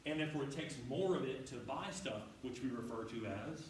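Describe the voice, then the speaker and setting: A man's voice: medium pitch, fairly quick. A man, a history professor, giving a classroom lecture in a casual way, with salty asides and rhetorical questions to his students. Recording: very echoey room, far from the mic, faint noise.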